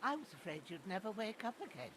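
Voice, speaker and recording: A woman's voice: mid-range voice, big pitch swings, fast, background noise, close to an everyday voice. A woman voicing an old rustic village healer in a video game, talking in a homely, folksy, motherly way.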